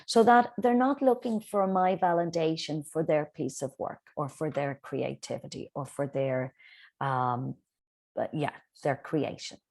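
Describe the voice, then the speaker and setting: A middle-aged woman, a Montessori teacher, calmly explaining parenting tips over a video call, with frequent ums. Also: sits low, measured pace, gravelly. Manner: calm, explanatory, with frequent ums and quoted child dialogue. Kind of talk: online parenting talk.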